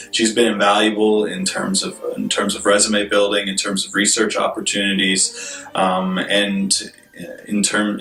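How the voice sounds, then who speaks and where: A man, a law student, giving an earnest, measured tribute to a professor. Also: fairly low pitch, sharp tone. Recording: roomy, distant mic.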